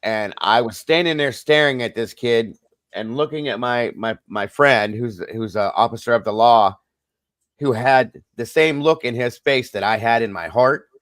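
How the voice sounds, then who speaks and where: A man's voice: mid-range voice, moderate pace, a bit bright, no room sound. A middle-aged man hosting a casual livestream chat, telling a personal story earnestly and talking straight to his viewers. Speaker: host.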